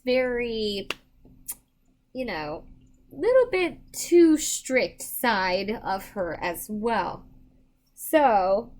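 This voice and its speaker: A woman's voice: high-pitched, a little mellow, slight background noise. A tired woman doing psychic readings on a live stream, chatting casually with viewers and rambling with many restarts. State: tired, yawning.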